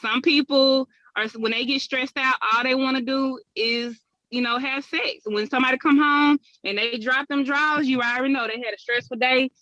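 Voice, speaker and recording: A woman co-hosting a casual talk show, speaking in a relaxed, conversational way with trailing restarts. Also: high-pitched, moderate pace, no echo, lo-fi sound. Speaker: podcast co-host. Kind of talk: casual chat.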